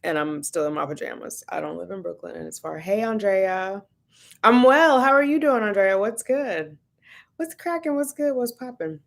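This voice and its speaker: A woman's voice: mid-range voice, moderate pace, vocal fry. A woman casually chatting at home on a livestream, laughing often and greeting viewers by name. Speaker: vlogger hosting a livestream.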